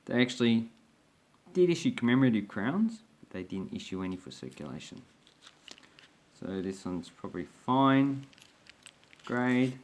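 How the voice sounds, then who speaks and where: A man's voice: medium pitch, sing-song, measured pace, pauses often, a little mellow. A man hosting a coin collecting video, thinking aloud as he grades and values each coin. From Australia. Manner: thinks aloud while grading coins. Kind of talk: casual coin review narration.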